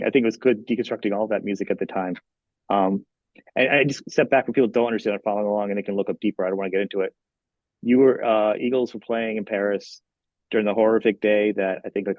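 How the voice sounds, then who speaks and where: A man hosting a podcast interview, talking in a rambling, animated way with many restarts. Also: on the low side, dry recording, narrow, tinny audio. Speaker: podcast host. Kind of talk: casual interview chat.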